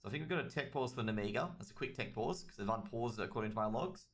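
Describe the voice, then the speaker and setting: Australian man, esports caster, rambling, chatty, solo stream commentary, mid pitch. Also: expressive, rapid-fire, fairly bright tone. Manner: rambling, chatty, talks straight to chat. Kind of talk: solo livestream game commentary.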